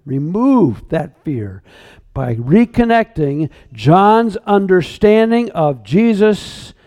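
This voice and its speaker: Male preacher, high voice, unhurried, emphatic sermon delivery. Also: mellow. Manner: earnest, emphatic, repeats words, slows on key phrases.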